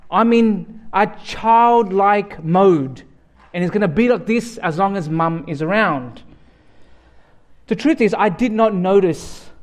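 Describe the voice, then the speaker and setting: A man with an Australian accent, a guest pastor giving a sermon in a joking, conversational way. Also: high-pitched.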